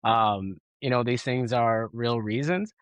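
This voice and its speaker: A man who is a guest and former policy official, giving measured, explanatory interview answers and often checking in with "right?". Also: medium pitch, a bit bright, no echo, lo-fi sound.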